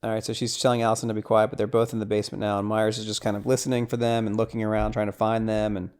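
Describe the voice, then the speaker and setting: A man hosting a podcast, casually recapping a film scene by scene, with lots of "like" and "right?", dropping to a hush for tense moments. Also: on the low side, little pitch movement, racing, clean tone. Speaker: podcast host.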